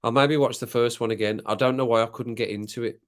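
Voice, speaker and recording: A man's voice: mid-range voice, steady tone, quick pace, smooth. A British man hosting a casual late-night live stream. He chats loosely with viewers while sipping rum, rambling, laughing often and coughing now and then. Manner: chatty, rambling, laughs often, reads comments aloud. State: drinking rum, occasional coughs.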